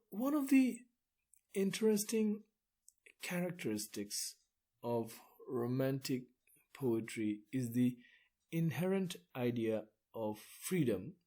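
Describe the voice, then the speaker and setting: A man giving a poetry lesson, explaining slowly and deliberately, with pauses between phrases. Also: mid-range voice, mellow. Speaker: literature teacher.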